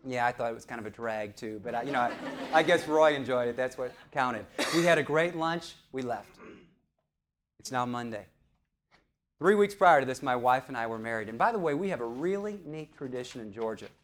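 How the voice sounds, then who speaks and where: A middle-aged man from St. Louis, a professional speaker telling a story on stage, animated and playful, quizzing the audience. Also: mid-range voice, brisk. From St. Louis, USA. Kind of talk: storytelling keynote speech.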